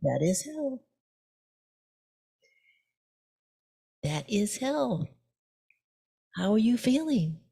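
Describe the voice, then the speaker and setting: A woman voicing a small male monk in a sermon story, speaking slowly and deliberately. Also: fairly high pitch, sing-song, creaky, dark tone, husky, exaggerated voice. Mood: hushed. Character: small elderly male monk, scornful then gentle.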